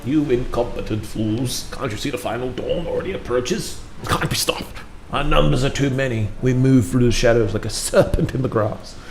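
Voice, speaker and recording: A man's voice: mid-range voice, moderate pace, vocal fry, echoey room, background noise, natural voice. A man voicing a scornful male villain commander with a contemptuous, menacing delivery during a game stream.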